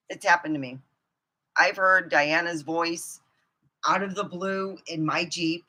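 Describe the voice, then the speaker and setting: A woman ranting profanely to her camera, swinging from low muttering to outbursts of shouting. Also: fairly even intonation, unhurried. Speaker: vlogger. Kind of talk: angry ranting monologue.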